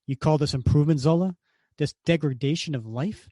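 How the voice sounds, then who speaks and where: A man's voice: on the high side, fairly quick, mellow, no room sound, clean studio sound, close to an everyday voice. A man reading aloud as a defiant male hero captain, firm and indignant.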